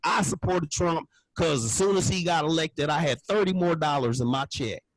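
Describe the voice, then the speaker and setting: A man's voice: fairly high pitch, moderate pace, no echo, close to an everyday voice, rough recording. A stand-up comedian voicing a smug rural man with a put-on country drawl who backs a politician for a small pay raise. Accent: rural American country drawl, put on.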